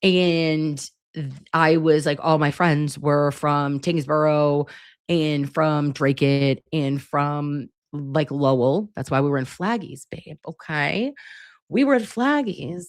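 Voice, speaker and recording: A woman in her forties from Massachusetts chats casually on her livestream. Her voice is low, and she swears freely and leans on "like" as a filler. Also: slow, dry recording, clean studio sound. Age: 40s. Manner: chatty, profane, many "like" fillers. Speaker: livestream host.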